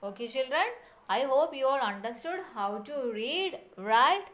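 A woman's voice: sits high, lively intonation, measured pace, a bit bright. A woman teacher giving a recorded lesson for young children and repeating sounds and steps in a sing-song way.

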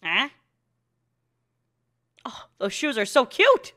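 Hosting an anime reaction video, a woman chats casually in a fairly high voice whose pitch swoops wildly. She talks slowly with a slightly bright tone, giggles a lot, pokes fun at herself, and swears offhandedly.

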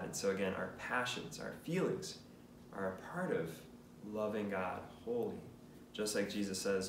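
Priest explaining in an echoey room. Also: male voice, fairly low pitch, slight background noise. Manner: earnest, casual, filler-heavy explaining with questions to the listener. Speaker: priest teaching a catechesis lesson. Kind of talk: conversational teaching talk. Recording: roomy, mic at a distance.

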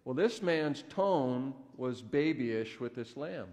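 In an echoey church sanctuary, a pastor tells a story as part of a conversational, folksy sermon. His voice is medium-pitched, a little mellow, and animated, though he speaks slowly.

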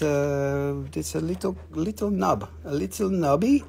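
A man's voice: fairly high pitch, a little slow, vocal fry, darkish tone, slight background noise. A man hosting a live mineral sale, chatting casually with viewers, joking and teasing as he shows each piece. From Appalachian region of the United States. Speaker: host selling minerals on a livestream. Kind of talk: casual live sales chat.

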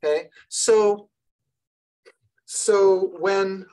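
A woman leading an online training session for early childhood educators, lively and encouraging, often restarting her sentences. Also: medium pitch, drawn-out words, poor audio. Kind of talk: online professional development session.

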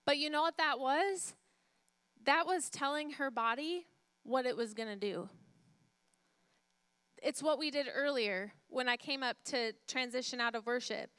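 A woman preaches a sermon as pastor, her voice bright and a touch high. She is emphatic, repeating key phrases and putting questions to the congregation, and she softens to a hush when she retells a story. The recording is close and dry. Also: measured pace, pauses often, clear, resonant tone, no room sound.

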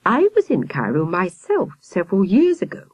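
A woman's voice: lowish voice, huge pitch swings, normal speed, darkish tone, breathy edge, no echo, exaggerated voice. A woman voicing a fluttery, genteel older lady in a storybook.

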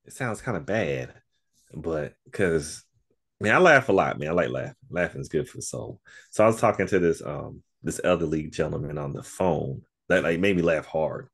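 A deep-voiced, laid-back man with vocal fry and a husky, slightly bright tone tells stories and laughs often. He's a podcast guest who co-hosts another podcast, here in a casual interview chat.

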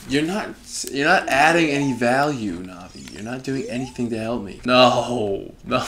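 Excitable young man playing a game. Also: medium pitch, a little slow, few pauses, a little hiss or hum. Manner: frustrated, excitable, swears, swings between muttering and yelling. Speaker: gaming video host. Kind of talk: let's-play commentary.

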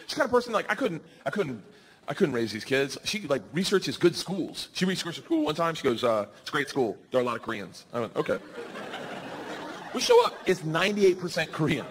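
A man doing a stand-up comedy set on stage, telling crude stories loudly and slipping into squealing voices. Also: a little high, sing-song, quick pace, slightly rough. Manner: loud, rowdy storytelling with crude jokes and squealing put-on voices. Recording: live venue with crowd laughter.

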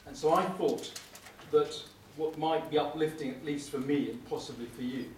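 A man's voice: fairly high pitch, fairly even intonation. Man, middle-aged, prosecutor at a conference, wry anecdotes, hesitant "uh"s, roomy hall, faint background hum. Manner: wry, anecdotal, with frequent "uh" pauses. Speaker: prosecuting barrister. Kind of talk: conference lecture. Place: lecture hall. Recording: echoey room, speaker far from mic, faint hum.

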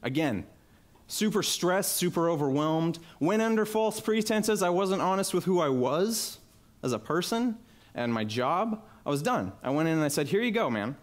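A young man giving a conference talk, telling a personal story in a lively, casual way and acting out the voices of people he quotes. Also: a little high, normal speed. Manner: animated, acts out quoted voices. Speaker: conference speaker. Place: talk venue with live audience. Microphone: headset mic.

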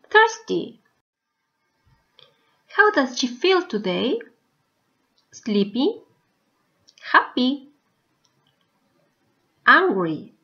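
A woman teaching a recorded English lesson to young students, speaking slowly with carefully spaced words. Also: a little high, bright, forceful tone. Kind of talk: slow recorded video lesson. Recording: dull lo-fi recording.

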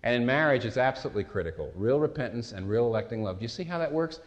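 A man's voice: medium pitch, lively intonation, racing, highs cut off. Man preaching in an echoey hall. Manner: conversational, anecdotal preaching with frequent restarts. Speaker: pastor. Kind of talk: sermon.

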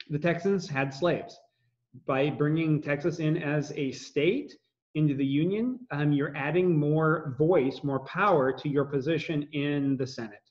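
A man's voice: fairly high pitch, muffled recording. A man teaching a history class in a chatty, joking way, with many fillers and asides to students. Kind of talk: classroom lecture.

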